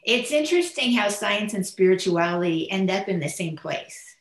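A woman's voice: mid-range voice, very animated, normal speed. A woman hosting an interview, enthusiastic and affirming toward her guest. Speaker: host. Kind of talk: interview conversation. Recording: roomy echo.

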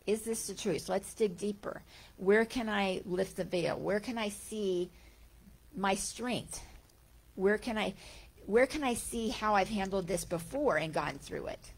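A middle-aged woman giving a gentle, conversational spiritual talk, full of rhetorical questions and small restarts. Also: mid-range voice, unhurried. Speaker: spiritual teacher. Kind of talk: talk on Vedanta teaching.

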